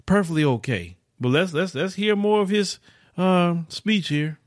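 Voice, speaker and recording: A man talking in a blunt, incredulous way as he comments on a clip he keeps pausing. His voice sits a little high for a man. The sound is dry and close, with almost no room around it. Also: no room sound. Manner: blunt, incredulous, repeats questions. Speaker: commentary host reacting to a clip. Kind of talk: casual reaction commentary.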